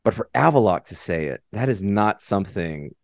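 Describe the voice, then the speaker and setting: A man's voice: fairly low pitch, normal speed, vocal fry, no room sound, clean studio sound. A man co-hosting a podcast, retelling game scenes in casual chat and acting out the characters' lines. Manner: animated, acts out characters' lines while retelling. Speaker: podcast co-host.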